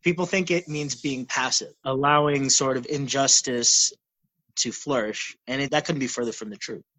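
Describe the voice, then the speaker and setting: A man's voice: mid-range voice, moderate pace, pushed and bright, no room sound. A young man telling stories in a casual, earnest talk, acting out the quoted exchanges. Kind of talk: casual conversational storytelling.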